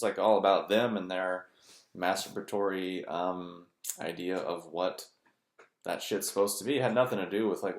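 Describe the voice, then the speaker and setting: A man's voice: deep voice, steady tone, moderate pace. A man giving a blunt, profane, sarcastic personal monologue as a vlogger. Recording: roomy echo.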